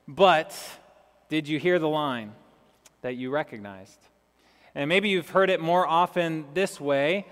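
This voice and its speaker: Male preacher, high voice, long hall reverb, casual and questioning. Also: fairly bright tone. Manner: chatty, asks listeners questions. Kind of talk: conversational sermon.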